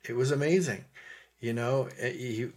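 Husky-voiced man preaching conversationally. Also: mid-range voice, moderate pace. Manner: conversational, repeats himself, drops to soft tones for gentle passages. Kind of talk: sermon.

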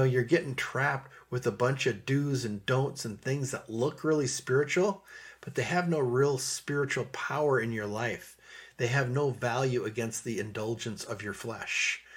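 A man delivers a sermon in a relaxed, conversational way, circling back over his points and letting his voice fall soft on the gentle passages. His voice is husky, with a pitch sitting in the ordinary middle range for a man. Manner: conversational, repeats himself, drops to soft tones for gentle passages. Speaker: preacher.

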